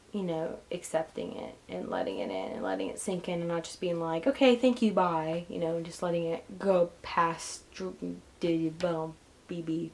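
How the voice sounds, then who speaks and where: Young woman, casual vlog, rambling, self-deprecating, gravelly, faint hiss. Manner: rambling, self-deprecating, jumps into high squeaky voice for jokes. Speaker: vlogger.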